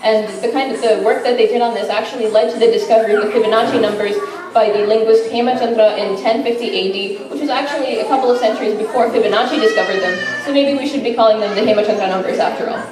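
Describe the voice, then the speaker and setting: A woman's voice: on the high side, quick pace, a crowd in the background, noisy background. Chatty woman presenting in an echoey room. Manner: enthusiastic, chatty, frequent fillers. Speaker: student presenter. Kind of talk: informal class presentation. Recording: echoey room, mic far off.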